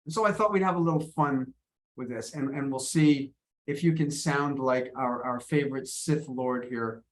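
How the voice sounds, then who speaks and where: A man's voice: mid-range voice, normal speed. A man teaching English in an online video class, encouraging and often repeating his words as he coaches students. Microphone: video call.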